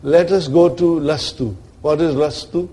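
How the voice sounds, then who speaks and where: Raised-pitch man teaching grammar. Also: a little slow, mellow, slightly rough. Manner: checks in often with "are you with me" and "brother"; explains step by step with rhetorical questions. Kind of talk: classroom lecture.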